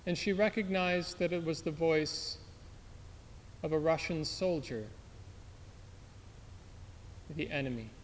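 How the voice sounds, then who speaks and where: A man's voice: a little high, takes it slowly, long pauses, slight background noise. A man preaching through a story in an earnest, dramatic way. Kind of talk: sermon storytelling. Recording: long hall reverb.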